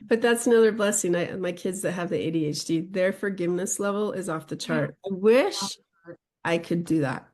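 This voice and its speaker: A woman's voice: fairly low pitch, moderate pace, a little mellow. A woman hosting a podcast, talking in an earnest, encouraging way and speeding up when she makes a point. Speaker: podcast host. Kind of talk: casual podcast conversation.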